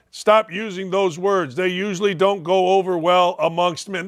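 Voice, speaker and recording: An older man hosting a sports talk show, delivering a blunt, mocking rant that swings between loud jabs and low mutters. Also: fairly even intonation, normal speed, few pauses.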